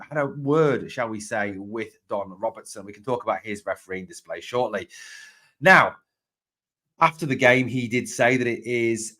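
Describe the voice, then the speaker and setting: A man's voice: on the low side, fairly bright tone. Emphatic man hosting a live fan podcast. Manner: emphatic, repeats points, opens with "now, look"; reads viewer comments and greets them. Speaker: podcast host.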